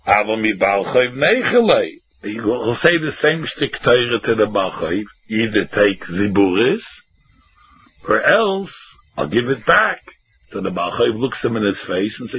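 A man teaching a Talmud class, acting out both sides of the argument in an animated singsong. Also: mid-range voice, normal speed, slightly rough. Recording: dull lo-fi recording.

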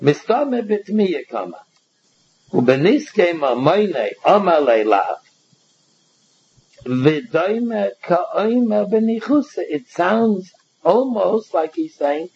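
Man, Talmud lesson, halting and repetitive, very husky voice. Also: high voice, big pitch swings, darkish tone, highs cut off. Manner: halting, repeats words while explaining. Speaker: Talmud teacher. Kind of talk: Talmud class lecture.

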